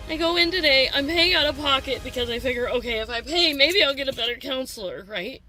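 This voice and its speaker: A woman's voice: high voice, sharp tone. Agitated woman ranting on a message. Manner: agitated, complaining, fast when upset. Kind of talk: rambling personal rant.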